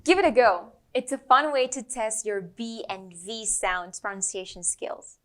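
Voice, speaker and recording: A woman with a Brazilian accent teaching English pronunciation, slowly modelling each sound for learners to repeat. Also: a little high. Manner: slow, exaggerated modelling of sounds. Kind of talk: pronunciation lesson.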